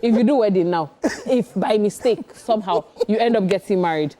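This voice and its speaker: A woman with a Nigerian English accent co-hosting a casual entertainment chat, animated and teasing, with frequent laughs and restarts. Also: mid-range voice, brisk. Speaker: entertainment show co-host.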